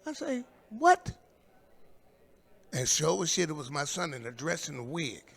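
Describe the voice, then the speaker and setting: An older man with a gravelly, fry-laced voice that sits a little high for a man. He works a live comedy stage on a handheld mic, rambling through profane stories and shouting out the lines of the people in them. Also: a little fast. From Indianapolis, USA. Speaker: stand-up comic. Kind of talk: stand-up comedy set.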